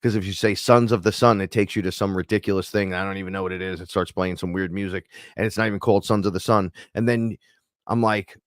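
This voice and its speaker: A man's voice: low-pitched, fairly even intonation, quick pace, no room sound, studio quality. A man hosting a live stream, rambling and swearing casually, often laughing. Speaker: podcast host.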